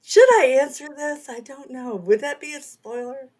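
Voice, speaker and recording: A woman's voice: high voice, normal speed, darkish tone. A middle-aged woman with a Southern accent, co-hosting a casual chat and laughing often. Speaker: author and co-host.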